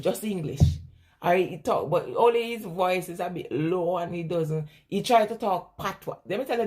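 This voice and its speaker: A woman's voice: medium pitch, dark tone. A woman, chatting casually as a vlogger, telling rambling stories, laughing often and answering viewer questions. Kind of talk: casual chat.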